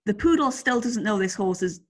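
A woman co-hosting a podcast, telling a story in casual, animated chat with plenty of swearing. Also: medium pitch, brisk, slight background noise. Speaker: podcast co-host.

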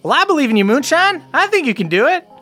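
The game master voicing a sick young elf who offers eager encouragement in a high, lifted voice. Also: big pitch swings, fast talker, pushed and bright, soft background music, heavily acted. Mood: hopeful.

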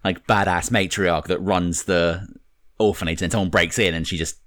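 A man co-hosting a podcast in casual chat. He has a fairly low voice and talks in an enthusiastic, conversational way. The recording sounds dry and close. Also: steady tone, moderate pace, a bit bright, no echo. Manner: conversational, enthusiastic, says "like" a lot. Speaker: podcast co-host.

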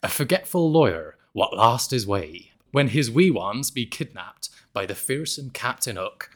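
A man's voice: mid-range voice, a bit bright. A man putting on a hammy pirate narrator voice with a West Country accent, full of growled exclamations.

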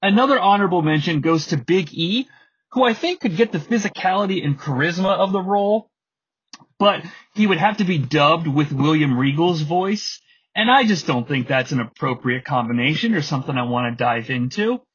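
A man in his thirties talks through his podcast alone, chatty and rambling, with frequent fillers. His voice sits fairly high and sounds husky. The recording is dull and lo-fi. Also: expressive, moderate pace, fairly bright tone. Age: 30s. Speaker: podcast host. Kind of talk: casual solo commentary.

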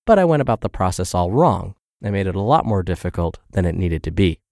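A man's voice: sits low, expressive, brisk, gravelly, mellow, no echo. A man narrating a health podcast, reading a fitness blog post aloud with dry humor.

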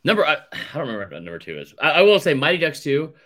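Bright-voiced man ranking movies excitedly. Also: fairly high pitch, very fast. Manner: animated, swearing, ranks movies with strong opinions. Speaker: podcast co-host. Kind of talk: casual chat.

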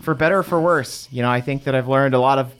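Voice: mid-range voice, fast. A player in a tabletop game, bantering in a playful, casual way. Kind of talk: casual chat.

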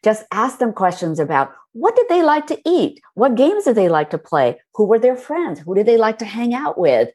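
A woman author being interviewed, who tells her stories in a warm, animated way. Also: fairly high pitch, normal speed, hardly any pauses. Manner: warm, storytelling, animated when recalling moments. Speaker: author and guest. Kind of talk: conversational interview.

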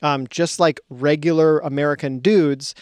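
A man's voice: fairly high pitch, fairly even intonation, measured pace, darkish tone, clean tone, no echo. A man co-hosting a podcast in casual chat, laughing often and swearing now and then. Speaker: podcast co-host.

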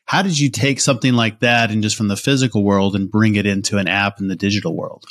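A man's voice: fairly low pitch, steady tone, quick pace, a bit bright. A man hosting a podcast, asking the guest curious questions and giving short replies. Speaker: podcast host. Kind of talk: interview questions.

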